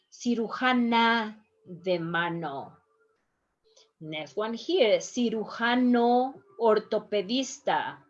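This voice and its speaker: A woman teaches a language lesson at an unhurried pace, patiently repeating each word so learners can follow. Her voice sits in a middle pitch. The recording sounds a little dull and lo-fi. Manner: slow, patient, repeats words for pronunciation. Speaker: Spanish teacher.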